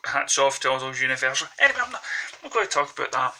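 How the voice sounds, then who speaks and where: A man's voice: medium pitch, big pitch swings, very fast, pushed and bright, a little hiss or hum, poor audio. A man with a Glaswegian accent, vlogging in a rambling, hesitant monologue into a phone held close.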